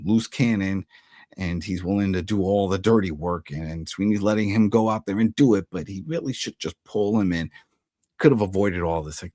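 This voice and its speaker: Male recap host, low voice, lively and animated delivery, dry close mic, casual commentary. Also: no echo. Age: adult who was once an altar boy. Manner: animated, acts out character lines in quotes.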